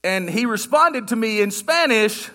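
An American man, a guest pastor, gives a sermon in a church sanctuary, speaking to the congregation loosely and with jokes, keeping it conversational all the way through. His voice is high, bright, and forward, animated yet a little slow.

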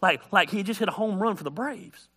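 A man's voice: high voice, brisk, husky. A middle-aged man preaching a folksy, joking sermon as a pastor, acting out voices as he tells stories. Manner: animated storytelling, acts out voices.

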